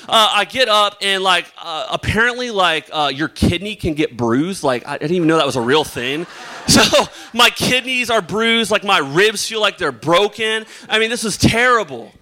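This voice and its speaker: Young male preacher, bright, slightly high voice, chatty and filler-heavy storytelling at a church service. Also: lively intonation, moderate pace. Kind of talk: sermon with opening prayer and personal story. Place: church or youth service hall.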